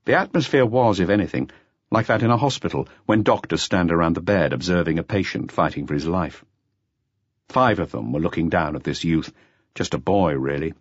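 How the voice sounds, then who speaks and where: A man narrating a mystery audiobook in a measured, expressive storytelling manner. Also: low-pitched, husky, no echo. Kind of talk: scripted narration. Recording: slightly dull lo-fi audiobook recording.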